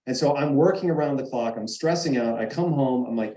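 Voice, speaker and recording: A man's voice: medium pitch, fairly quick, hardly any pauses, mellow, echoey room, rough recording. A man telling a personal story over a video call, emphatic and acting out the arguments he quotes. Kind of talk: animated storytelling. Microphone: video call mic.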